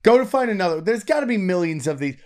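A man with a high voice talks casually on a podcast. He is joking but indignant, and he rants about conspiracies. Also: sing-song, quick pace, a little mellow. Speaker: podcast co-host. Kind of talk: casual argumentative chat.

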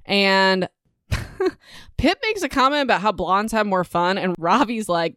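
A young woman hosting a book podcast, recapping chapters in a chatty, rambling way with animated asides. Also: mid-range voice, unhurried, clean tone, dry recording, clean studio sound.

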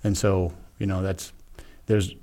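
A middle-aged retired Navy SEAL, appearing as a podcast guest, tells a personal story frankly, earnestly and casually, acting out things he once said. His voice is low and warm, with little pitch movement and an unhurried pace.

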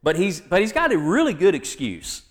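A man's voice: high-pitched, wildly swooping pitch, moderate pace, in a large hall. A man preaching a sermon as pastor, reading scripture with folksy asides and jokes to the congregation.

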